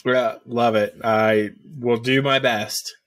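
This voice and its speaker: A man's voice: medium pitch, steady tone, slow, a bit bright, no room sound. Thoughtful man asking questions. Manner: thoughtful, asks questions with fillers. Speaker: podcast co-host. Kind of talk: casual podcast chat.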